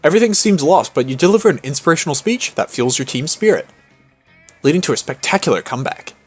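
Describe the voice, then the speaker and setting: A man's voice: fairly high pitch, animated, fast talker, slightly rough, faint music behind. Casual man reading game text on stream. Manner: casual, laughing, swearing. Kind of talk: reading a game's text aloud on a livestream.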